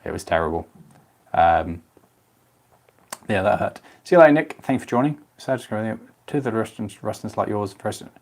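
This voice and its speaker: A young Englishman hosts a relaxed live stream, chatting easily and answering his viewers by name. His voice sits a little on the low side. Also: brisk, pauses often. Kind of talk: casual live stream chat.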